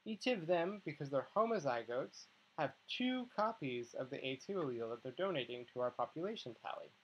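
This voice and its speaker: A man's voice: fairly high pitch, sing-song, fairly quick, husky, dull audio. A man teaching a biology tutorial, patiently working through problems step by step and often checking in with the listener. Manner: patient, explains step by step, checks in with "okay" and "right". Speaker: biology instructor. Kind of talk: tutorial walkthrough.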